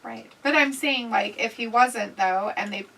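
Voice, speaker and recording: Woman co-host, raised pitch, crude and jokey, casual stream chat, a bit off-mic. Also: a little slow, gravelly, fairly bright tone, distant mic, poor audio. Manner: crude, joking, reads chat comments aloud. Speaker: co-host reacting to a wrestling show. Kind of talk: casual live-stream commentary.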